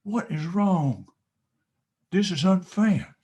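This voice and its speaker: A husky-voiced man delivers a motivational speech as an unhurried, theatrical story. His pitch rises and falls widely, and he drops to whispers before bursting out loud. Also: expressive. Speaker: motivational speaker.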